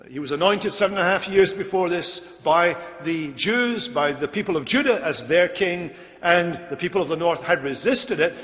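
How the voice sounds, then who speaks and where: A male pastor preaching an expository sermon, emphatic and repeating key phrases for stress. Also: high-pitched. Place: church sanctuary. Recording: dull lo-fi sermon recording with long church reverb.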